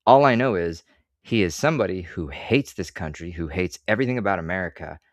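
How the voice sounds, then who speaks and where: Low-voiced guy ranting into the camera, cusses a lot, sarcastic, dry close sound. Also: animated, a little fast, no room sound. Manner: sarcastic, swears freely, rambling asides. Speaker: online commentator. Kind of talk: profane opinion rant to camera.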